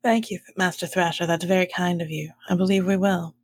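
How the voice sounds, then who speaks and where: A woman player speaking in character in a calm, polite and composed way. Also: fairly low pitch, brisk, husky, dry recording. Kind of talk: in-character role-play.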